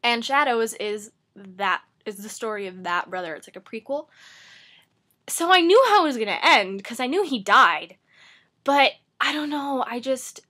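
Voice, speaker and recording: A woman's voice: fairly high pitch, lively intonation, moderate pace, sharp tone. A woman book vlogger talking casually to camera from her bedroom, rambling and chatty, with lots of "like" and "um".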